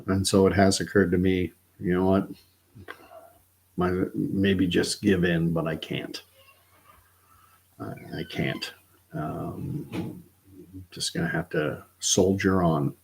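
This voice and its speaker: A man's voice: deep voice, steady tone, slow pace, gravelly, long pauses, a little hiss or hum. A middle-aged man hosting a livestream, talking through his views in a rambling, earnest way, often correcting himself mid-sentence. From Canada. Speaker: livestream host. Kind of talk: casual opinion monologue.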